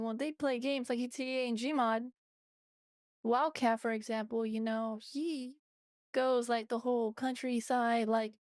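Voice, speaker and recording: Woman co-host, voice tuned up with a modifier, dry close sound. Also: dry recording. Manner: raises her pitch on purpose, chatty. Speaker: VTuber co-host. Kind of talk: casual reaction chat.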